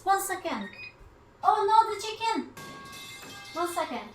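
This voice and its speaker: A woman streamer with an extremely high voice and big pitch swings livestreams herself cooking in her kitchen, speaking at a measured pace with faint music behind. She chats casually and playfully with viewers, teasing and bantering with chat.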